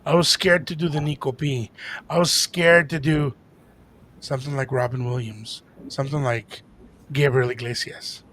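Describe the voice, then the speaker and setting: A man co-hosting a podcast, telling a story in a casual, animated way and dropping into Spanish now and then. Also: medium pitch, moderate pace. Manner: animated, jumps into impressions, code-switches into Spanish. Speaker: podcast co-host and DJ.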